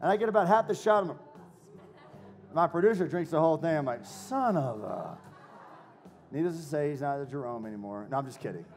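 A man's voice: fairly high pitch, fast talker, soft background music. A man giving a live cooking demo to a crowd, brash and joking, swearing freely and hyping people up.

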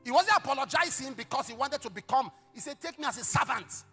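A middle-aged male pastor preaching a sermon, telling stories dramatically with sudden shouts and hushed asides. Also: very high-pitched, animated, fast, faint music behind. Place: church service.

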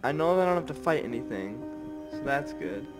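A man's voice: a little high, sing-song, brisk. Jumpy, foul-mouthed young man playing a horror game. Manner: jumpy, swears constantly, drops to whispers when scared. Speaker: gamer. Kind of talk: horror game let's play commentary. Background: game music.

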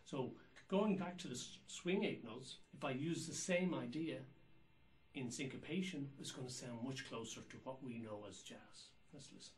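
A man's voice: medium pitch, normal speed, a little hiss or hum, low-quality recording. A man teaching jazz rhythm, explaining patiently and counting beats and scatting rhythms aloud. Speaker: drum teacher. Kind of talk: instructional explanation.

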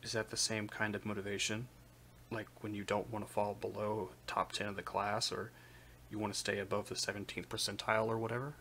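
Brief: man voicing a reserved young woman fencer, soft-spoken, bright tone, novel reading. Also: little pitch movement, a little fast, a little hiss or hum. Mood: quiet. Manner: soft, low-key delivery.

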